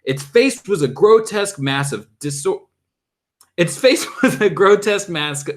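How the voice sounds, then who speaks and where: Lively man reading a storybook aloud. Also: high-pitched, measured pace. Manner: lively, stumbles and laughs at own slips. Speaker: host reading a book aloud. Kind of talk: casual read-aloud narration.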